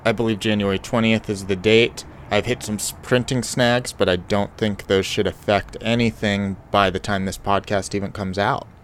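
Low-voiced joking man podcaster. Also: fairly even intonation, normal speed, hardly any pauses, slight background noise. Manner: joking, rambling with fillers. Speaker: podcast co-host. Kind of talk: casual podcast chat.

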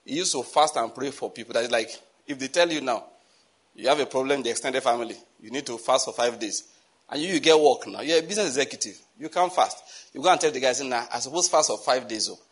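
Husky Nigerian preacher, storytelling. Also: male voice, medium pitch, fast. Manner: animated, laughing asides, mixes in pidgin. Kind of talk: storytelling sermon.

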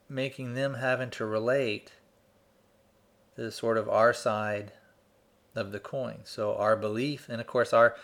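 Male presenter, mid-pitched and measured, walks the listener through an example story. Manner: measured, explanatory, builds a story step by step. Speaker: speaker teaching persuasion. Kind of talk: instructional talk with storytelling.

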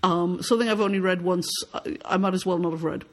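A woman's voice: fairly low pitch, steady tone, fast talker. A woman author who reads aloud from her own novel and then answers questions thoughtfully, often repeating words as she starts a sentence. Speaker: author being interviewed.

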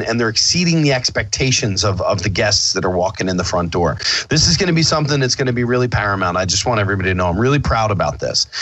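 A man's voice: mid-range voice, a bit bright. A man hosting a casual podcast, talking in a rambling, upbeat way with lots of fillers, restarts and casual swearing. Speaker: podcast host.

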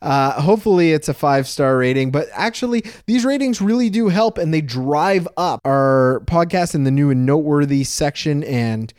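A man's voice: on the high side, lively intonation, moderate pace, hardly any pauses, a little mellow, clear, resonant tone, dry recording, studio quality. A man co-hosting a casual podcast, earnest and getting worked up, with a slightly preachy way of talking. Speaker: podcast co-host.

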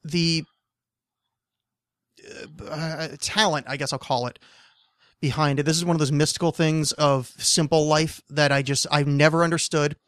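A man in his thirties hosting a casual podcast chat, rambling and animated, trailing off mid-sentence and swearing now and then. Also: a little high, moderate pace, no echo, studio quality. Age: 30s. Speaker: podcast host.

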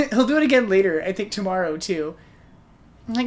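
A woman co-hosting a casual film podcast, animated and laughing often as she acts out lines from a movie. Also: mid-range voice, normal speed. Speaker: podcast co-host. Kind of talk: casual film discussion chat.

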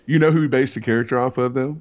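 A man co-hosting a podcast, chatting casually and excitedly about a film and laughing often. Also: medium pitch, racing. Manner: excited, laughs often, explains plot at length. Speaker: podcast co-host. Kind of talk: casual movie review chat.

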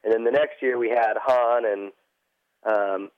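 A man's voice: medium pitch, steady tone, unhurried, no room sound, phone-quality sound. A man co-hosting a casual racing chat as a former team manager, chatty and self-deprecating.

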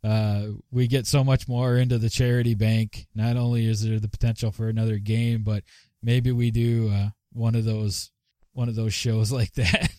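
A man hosting a live podcast in a loose, rambling chat, full of fillers and quick laughs. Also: on the low side, level tone, a little mellow, clear, resonant tone, no room sound, studio quality. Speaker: podcast host. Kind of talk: casual live show chat.

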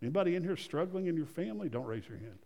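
In a church sanctuary whose long hall reverb trails every word, a man preaches a sermon in a high-leaning, expressive voice with vocal fry, racing along. He swings from loud emphasis to quiet, hushed storytelling, repeating phrases and restarting mid-sentence.

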